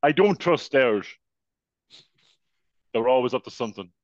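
A man co-hosting a comedy podcast, delivering dry, deadpan one-liners. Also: mid-range voice, measured pace, dry recording, dull audio. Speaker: podcast co-host. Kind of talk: casual comedy podcast chat.

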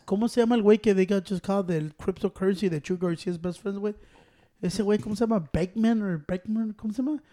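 A man's voice: high-pitched, fast, dark tone. A man in casual banter, teasing his friends, cursing and mixing Spanish with English.

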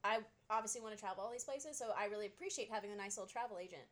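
A woman's voice: medium pitch, rapid-fire, fairly bright tone. A young adult woman co-hosting a podcast, talking casually with lots of fillers and laughter. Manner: chatty, laughs often, many fillers. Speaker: podcast co-host. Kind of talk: casual chat.

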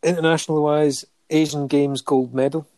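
A man's voice: a little high, little pitch movement, moderate pace, darkish tone, dry recording. A man in casual podcast chat, reading out a long list of honours with frequent ums and light chuckles. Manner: listing facts steadily with many ums and chuckles.

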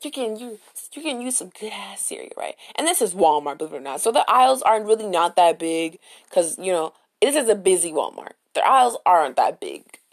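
Young woman podcasting solo, blunt and animated, swears a lot, super casual. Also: mid-range voice. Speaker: podcast host.

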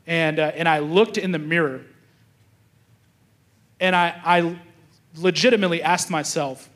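Man, pastor, young adult, sermon, storytelling, acts out quotes, fairly high voice. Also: fairly even intonation, a little slow, long pauses, fairly bright tone. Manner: storytelling, acts out quoted thoughts, restarts often.

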